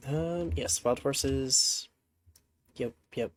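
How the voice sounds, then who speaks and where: Drawing out his words in a mid-range voice that sounds congested, a man chats to his horses while streaming a horse game. The casual commentary is rambling and talkative.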